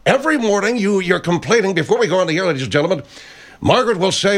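A man hosting a comedy sketch, talking in an exasperated, animated, interrupting way. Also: high voice, fast talker.

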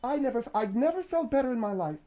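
A woman playing up mock outrage in comic banter, theatrical and pointed. Her voice sits a bit high and moves with animated rises and falls. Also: fast.

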